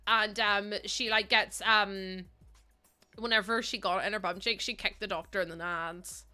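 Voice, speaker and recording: Bright-voiced chatty woman streamer. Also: mid-range voice, steady tone, normal speed. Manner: chatty, reads and answers viewer messages, laughs often. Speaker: livestreamer. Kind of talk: casual chat while streaming a game.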